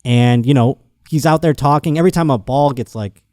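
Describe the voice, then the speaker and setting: A man hosting a podcast, telling a story in a casual, animated and profane comic monologue. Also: mid-range voice, fairly quick, dry recording, studio quality. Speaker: podcast host.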